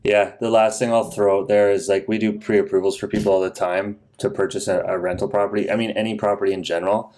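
Low-voiced matter-of-fact mortgage broker man. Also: little pitch movement, darkish tone. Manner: matter-of-fact, explanatory, measured. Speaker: podcast co-host, mortgage broker. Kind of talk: casual podcast talk.

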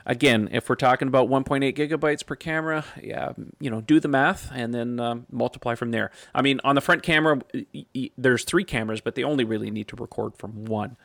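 A man's voice: medium pitch, a little fast, gravelly, hardly any pauses, a bit bright, no echo. A man hosting a casual podcast chat, talking in a laid-back, rambling way that trails off into mumbles. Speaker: podcast host.

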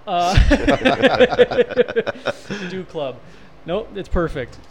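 A man's voice: sits high, very animated, drawn-out words, a little hiss or hum. A man co-hosting a casual podcast chat, joking and laughing often as he riffs on ideas. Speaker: podcast co-host.

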